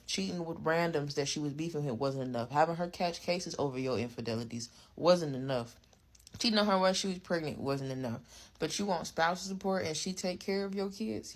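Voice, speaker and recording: A speaker giving casual commentary, angry and heated, swearing heavily. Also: medium pitch.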